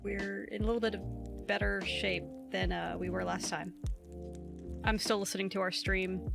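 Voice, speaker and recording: A woman co-hosting a live game stream, helpfully explaining how the game works. Her voice has a gravelly, fry-laden texture at a middle pitch. Game music is clearly heard behind her. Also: steady tone, moderate pace. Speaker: streamer co-host.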